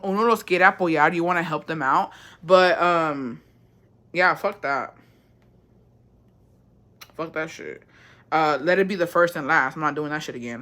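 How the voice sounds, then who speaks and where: A woman living in Mexico hosts a casual livestream and answers viewer questions about family drama in a fairly low, pushed, bright voice. She's blunt, sassy and profane, explains things repetitively, and sprinkles in Spanish phrases.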